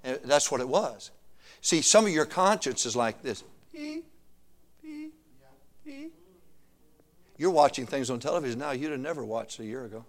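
Animated middle-aged preacher, lively pitch. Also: male voice, a little fast. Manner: animated, calls for answers from the congregation; laughs often while telling stories. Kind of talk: sermon.

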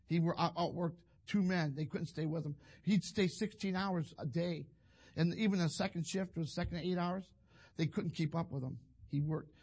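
A man's voice: a little high, normal speed, a little mellow, husky. An older man, a pastor telling a rambling, folksy story in a sermon. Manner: rambling, folksy, self-interrupting.

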